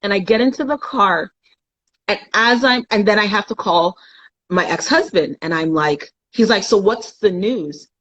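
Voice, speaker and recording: A woman's voice: medium pitch, moderate pace, a bit bright, lo-fi sound. Woman candidly telling a personal story. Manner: candid, acts out voices in her story. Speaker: guest. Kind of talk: personal storytelling in a live chat.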